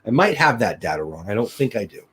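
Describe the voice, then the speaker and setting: Middle-aged guy hosting a live stream, talks fast, rambles, cheery, shouts out the chat. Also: on the low side, sing-song, breathy edge. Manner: rambling, upbeat, thanks viewers by name. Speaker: host of a daily live news show.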